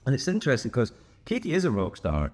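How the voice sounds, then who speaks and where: A man's voice: medium pitch, wildly swooping pitch, quick pace, a little mellow, breathy edge. An older man with a Scottish accent, hosting a casual solo chat in a hotel room, rambling and joking with lots of asides and restarts. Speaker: host.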